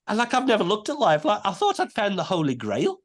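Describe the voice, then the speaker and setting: A man, a podcast guest telling a story in a casual, animated way. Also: high-pitched, fast talker. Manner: animated, many restarts and quoted voices.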